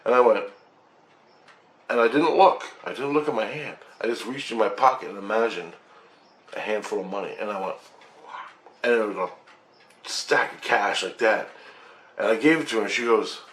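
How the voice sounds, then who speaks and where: A man telling a personal spiritual story in a rambling, excited way, swearing often and restarting his sentences. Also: on the low side, normal speed, long pauses, echoey room. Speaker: vlogger recounting a spiritual experience.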